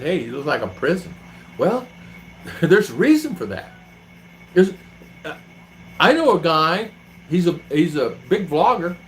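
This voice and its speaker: A man's voice: medium pitch, a bit bright, rough recording. Older man telling home stories. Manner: rambling, retells conversations with quoted dialogue. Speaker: vlogger. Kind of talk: casual storytelling vlog. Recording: faint hum behind the voice.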